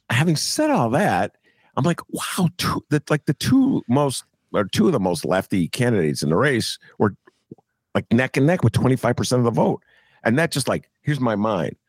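A man, co-hosting a casual political chat podcast, rambling and animated, laughing often and full of fillers. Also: fairly low pitch, no echo, clean studio sound. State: recovering from a cough. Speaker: podcast co-host and columnist.

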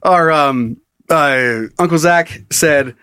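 A man's voice: takes it slowly, fairly bright tone, clear, resonant tone, dry recording, studio quality. A young man co-hosting a comedy podcast, laughing a lot and acting out silly bits in put-on voices. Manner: laughs constantly, acts out bits in high voices. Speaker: podcast co-host. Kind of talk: casual comedic chat.

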